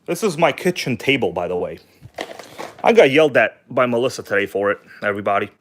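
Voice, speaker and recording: A man's voice: medium pitch, expressive, fast talker, a bit bright. A man hosting a casual hobby livestream from home, talking loosely and joking with viewers. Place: at home, kitchen table.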